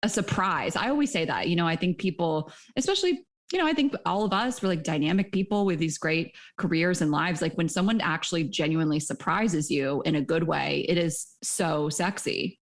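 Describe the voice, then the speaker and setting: A woman's voice: lowish voice, lively intonation, a little fast, few pauses. A woman hosting a podcast, chatting casually with lots of fillers and laughter. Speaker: podcast host.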